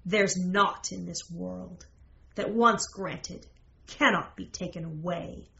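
A woman's voice: fairly low pitch, slow pace, vocal fry, pushed and bright, roomy sound, dull audio, heavily acted. A woman voicing a scornful, haughty noblewoman who speaks in a cold, threatening way.

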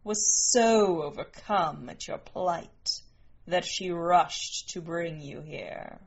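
Stately, honeyed jungle queen, low and unhurried, as a woman narrator puts her on. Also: vocal fry, breathy edge, dull audio, full character voice. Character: regal, gracious jungle queen mother.

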